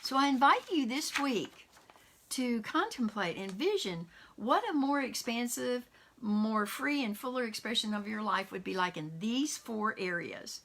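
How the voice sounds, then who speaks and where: A woman minister giving an online sermon, talking in a conversational way, laughing softly now and then and weaving in quotations. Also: on the high side, expressive, unhurried. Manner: warm conversational preaching with quotes and soft laughs.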